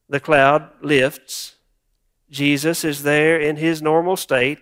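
A male pastor delivering a reflective sermon with touches of wry humor. His voice sits a little high. He leans on repetition to drive points home. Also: flat delivery, slow, a bit bright, clean tone.

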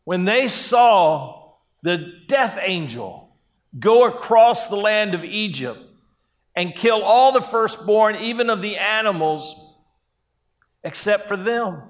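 Guy preaching, slow and deliberate, kinda high voice, chatty sermon with little acted-out quotes. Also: lively intonation. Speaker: pastor.

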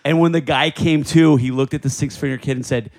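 A man's voice: a little high, brisk. A man hosting a casual podcast chat, telling rambling stories. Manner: rambling, storytelling, animated. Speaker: podcast host. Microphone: podcast mic.

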